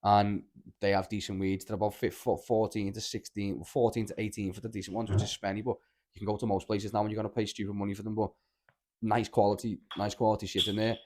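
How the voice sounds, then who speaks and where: A man's voice: fairly low pitch, little pitch movement, fast, darkish tone. A man with a Liverpool accent hosting a casual podcast, telling rambling, sweary stories and saying "lad" constantly. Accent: Liverpool (Scouse). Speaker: podcast host. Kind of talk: casual chat, storytelling.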